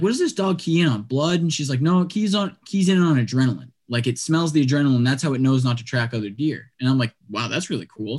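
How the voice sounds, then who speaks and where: A man telling a long story in casual chat, animated and acting out what people said, with lots of "like" and quick restarts. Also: medium pitch. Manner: animated, acts out quotes, lots of "like".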